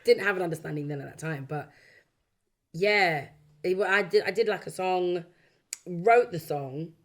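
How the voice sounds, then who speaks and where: A London woman in her early forties, a backing singer and songwriter, telling stories from her career in a relaxed interview, acting out quoted voices and laughing often. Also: fairly low pitch, normal speed. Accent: London English. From London, England. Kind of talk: casual chat.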